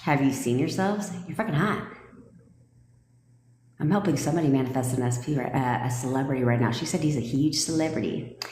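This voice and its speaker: A woman's voice: very deep voice, fairly quick, a little mellow, a little hiss or hum. Sassy, profane woman coach in echoey room. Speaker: manifestation coach. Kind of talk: live-stream coaching talk. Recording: echoey room with long reverb.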